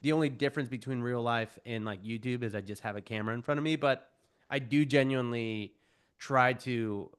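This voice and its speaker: Speaking fairly quickly in a clean, mid-range voice, this podcast guest in his thirties is an animated, self-deprecating storyteller who performs the voices of the people he quotes.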